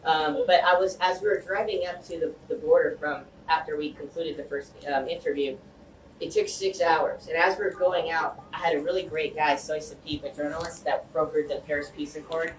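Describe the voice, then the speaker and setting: A man's voice: fairly high pitch, fairly quick. A man tells a personal story to a community gathering, restarting phrases and tossing in fillers as he goes. His voice comes from a distance in a roomy, echoey hall. A faint hum sits under it. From Los Angeles area, United States. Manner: animated, rambling storyteller who restarts phrases and uses "like" and "you know" often. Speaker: speaker addressing a community group. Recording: echoey room, mic far off, faint hum.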